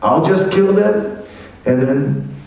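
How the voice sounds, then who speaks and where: Man doing a boastful eager monkey hero. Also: takes it slowly. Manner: high, excited, brushing off danger. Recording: echoey hall from far off.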